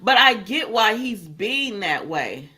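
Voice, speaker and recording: A woman's voice: mid-range voice, very animated, slow pace, background noise. Chatty woman recapping a soap opera. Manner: chatty, retells scenes by quoting characters, answers viewer comments; laughs often, lots of fillers. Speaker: soap opera review host. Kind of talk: casual livestream recap and chat replies.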